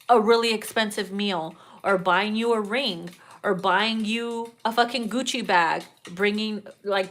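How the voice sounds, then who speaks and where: A woman's voice: medium pitch, a bit bright. A young adult woman giving a casual tarot reading, sassy and profane, often breaking into laughter at her own jokes. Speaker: tarot reader.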